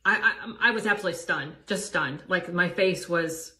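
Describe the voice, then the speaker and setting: A woman's voice: fairly low pitch, moderate pace, sharp tone. A woman in her fifties casually telling a story to the camera, chatty and incredulous. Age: 50s.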